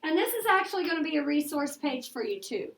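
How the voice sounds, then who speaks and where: High-voiced woman teaching math. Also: big pitch swings, gravelly, a little hiss or hum. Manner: brisk, coaxing questions to the class. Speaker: elementary school teacher. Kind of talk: classroom math lesson.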